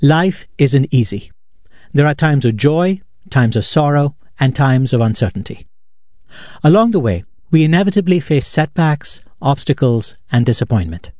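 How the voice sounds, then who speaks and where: A man hosting a podcast, giving measured, reflective scripted narration in a studio. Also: medium pitch, lively intonation, darkish tone, no echo. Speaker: podcast host.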